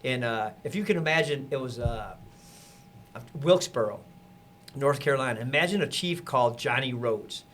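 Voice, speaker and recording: A man, a podcast guest, telling a lively story in casual conversation and acting out the people he quotes. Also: medium pitch, moderate pace, slight background noise. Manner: animated, acts out quotes with laughter.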